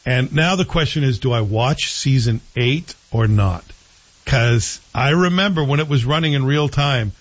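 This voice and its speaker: A man co-hosting a show in casual chat, opinionated and animated. His voice is husky, with a mid-range pitch. The sound is dull and lo-fi. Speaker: show co-host reviewing TV.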